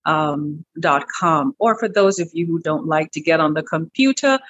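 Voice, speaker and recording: A middle-aged woman guest in an interview, telling a personal story in a lively, animated way, repeating words as she goes. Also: moderate pace, highs cut off. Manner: animated, breaks into high quoted voices, repeats words. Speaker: interview guest, wellness clinic owner.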